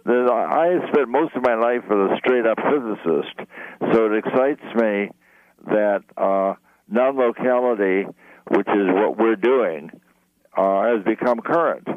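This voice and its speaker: A man's voice: lowish voice, a little slow. A man, a radio guest, explaining things earnestly and with enthusiasm over the phone. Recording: tinny phone line.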